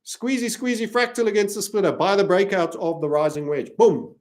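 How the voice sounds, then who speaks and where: High-ish voiced guy from africa rambling through crypto charts, jokey, plugs his stuff. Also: fairly quick, few pauses. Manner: rambling, jokey, self-promoting. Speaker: crypto trading analyst and channel host. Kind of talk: chart analysis video.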